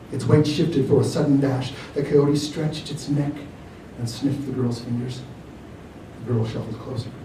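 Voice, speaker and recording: A man, an author, reads his own fiction aloud at a library event in a measured, expressive storytelling manner. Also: mid-range voice. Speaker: author reading his work. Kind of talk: live reading of fiction. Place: library reading room. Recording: roomy hall from far off, faint noise.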